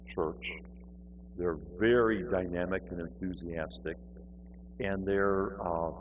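A man telling a humorous personal faith story, self-deprecating and acting out the people in it. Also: deep voice. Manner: animated, self-deprecating, acts out voices. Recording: muffled with faint hum.

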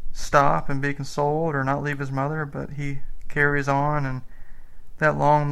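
A man guides listeners through a spoken rosary meditation in a slow, earnest and reflective way. His voice stays very flat in pitch and carries a gravelly fry. He sits at an average pitch for a man. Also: rough recording. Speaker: preacher leading a rosary meditation.

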